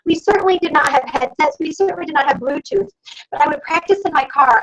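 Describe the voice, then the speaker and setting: A high-voiced woman gives an energetic sales training over a video call. She talks fast and exclaims a lot, calling out to her listeners. The sound is dull and lo-fi, from a computer microphone. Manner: fast, animated, exclamatory, addresses listeners as "you guys". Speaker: sales director coaching her team. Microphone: computer mic on a video call.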